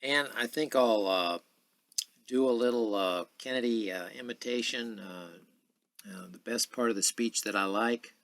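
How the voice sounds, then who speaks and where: A man in his sixties hosting a podcast in a casual, rambling monologue full of filler pauses. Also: medium pitch, a bit bright, no echo. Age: 60s. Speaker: podcast host.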